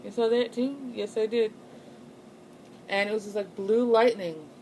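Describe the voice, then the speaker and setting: A woman's voice: mid-range voice, fairly even intonation, unhurried, warm tone, a little hiss or hum, rough recording. A young woman telling a personal ghost story in a casual, rambling way, full of fillers and restarts. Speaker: channel host.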